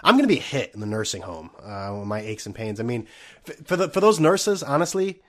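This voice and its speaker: A man's voice: mid-range voice, sing-song, fairly quick. Sick, breathless man ranting on his podcast. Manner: profane, sarcastic, rambling with restarts. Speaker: podcast host. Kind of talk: solo podcast rant.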